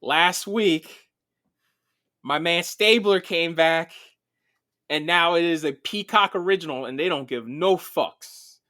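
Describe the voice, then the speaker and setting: A man co-hosting a casual podcast, recapping TV episodes in an animated, profane storytelling way. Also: fairly high pitch, takes it slowly, no room sound, clean studio sound. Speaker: podcast co-host. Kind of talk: casual film and TV chat.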